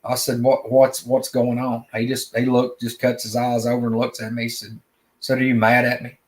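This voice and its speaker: A man with an unhurried drawl tells a personal story in plain, homespun words. He often stumbles over and repeats words as he talks. His voice sits at an ordinary middle pitch. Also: monotone. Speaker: guest storyteller. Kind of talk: casual spoken storytelling.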